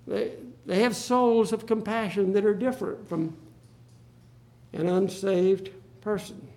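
A man's voice: sits high, fairly even intonation, unhurried, warm tone. A male pastor preaching a sermon, acting out the Bible quotes with drama.

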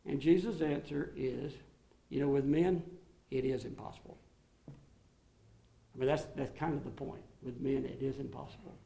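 A man preaching a sermon to his congregation, swinging between emphatic raised passages and quiet, low asides. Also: moderate pace, creaky, long pauses. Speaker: pastor.

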